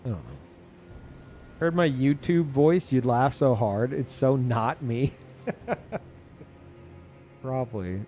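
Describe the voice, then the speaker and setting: A man's voice: mid-range voice, expressive, slow, pauses often, warm tone, faint music behind. A man livestreaming, talking casually to his chat in a rambling, swearing way that often restarts sentences. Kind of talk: casual chat to a live audience.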